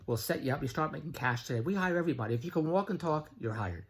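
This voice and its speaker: A middle-aged man giving a blunt, pushy sales pitch straight to the camera, repeating his slogans and swearing freely. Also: lively intonation, quick pace. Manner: blunt, pushy, repetitive hard sell with profanity. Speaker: online business promoter.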